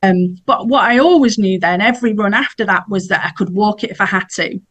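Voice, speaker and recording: As a podcast guest, a middle-aged woman tells a personal story in a chatty, casual way, laughing now and then. Her voice is mid-range and her pace brisk.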